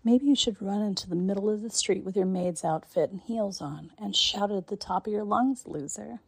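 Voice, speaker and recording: A woman performing a scripted dominant role-play monologue in a commanding, taunting manner, often dropping into breathy whispers. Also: mid-range voice, moderate pace, few pauses, dry recording. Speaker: narrator.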